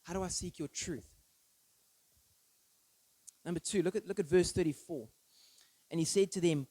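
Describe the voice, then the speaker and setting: A man's voice: high-pitched, moderate pace, pauses often, warm tone, no room sound, low-quality recording. Earnest preaching man, dry sound. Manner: earnest, emphatic preaching with rhetorical questions. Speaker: pastor. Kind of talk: sermon. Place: church.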